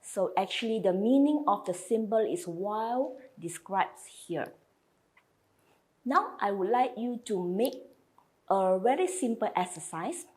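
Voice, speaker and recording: Slow, patient woman teaching sounds. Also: medium pitch, expressive, darkish tone. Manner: patient, spells out and repeats each sound. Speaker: language teacher. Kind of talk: slide lesson.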